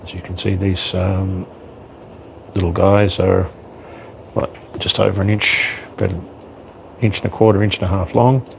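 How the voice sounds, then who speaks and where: A man's voice: low voice, little pitch movement, normal speed, gravelly, long pauses, slight background noise, rough recording. A man giving casual unboxing commentary on his miniatures, hesitant, with frequent ums and self-corrections. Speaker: wargaming hobbyist reviewing miniatures.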